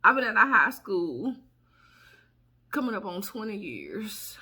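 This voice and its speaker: A woman, chatting casually to camera as a vlogger, sassy and quick to laugh and exclaim. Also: medium pitch, sing-song, bright, forceful tone, breathy edge. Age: 30s.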